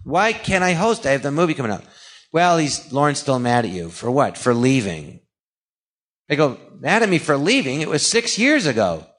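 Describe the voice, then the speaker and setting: Male guest, middle-aged, animated raconteur who acts out every quoted line. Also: mid-range voice, normal speed. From California. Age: 40s or older. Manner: animated storyteller acting out quoted dialogue. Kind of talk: anecdotal storytelling.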